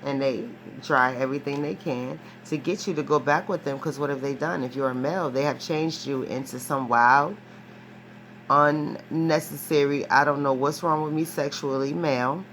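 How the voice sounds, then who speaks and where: A woman with a deep, low voice talks through a tarot reading in a loose, conversational way. She is emphatic and profane, circles back on her own phrases, and keeps asking "right?" There is a faint background hiss. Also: moderate pace. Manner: rambling and profane, ends phrases with a questioning "right?"; animated, emphatic storytelling with frequent restarts. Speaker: tarot reader. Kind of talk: casual spoken tarot reading.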